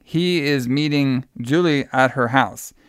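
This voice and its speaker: A man's voice: mid-range voice, slow pace, a bit bright, clear, resonant tone, dry recording, clean studio sound. A man casually recapping a film scene by scene, rambling with lots of fillers and swearing. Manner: rambling, filler-heavy retelling with frequent swearing. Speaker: podcast co-host recapping a film. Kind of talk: casual chat.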